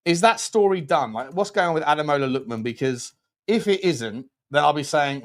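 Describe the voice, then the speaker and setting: A man hosts a casual football livestream. He talks in a rambling, joking way and keeps restarting his sentences. His voice sits somewhat higher than most men's. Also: expressive, a little fast. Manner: rambling and jokey, lots of restarts. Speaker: football channel host.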